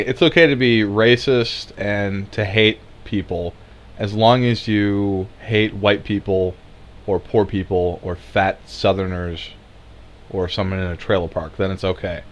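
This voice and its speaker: A man delivering an angry political rant, sarcastic and heated, swearing and laughing in scorn. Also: fairly low pitch. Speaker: commentator.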